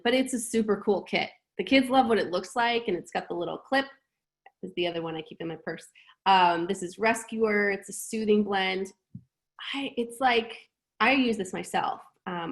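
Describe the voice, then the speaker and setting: Casual woman presenter in her thirties, mid pitch, some vocal fry, chatty and filler-heavy. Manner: chatty, warm, frequent fillers. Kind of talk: casual product talk.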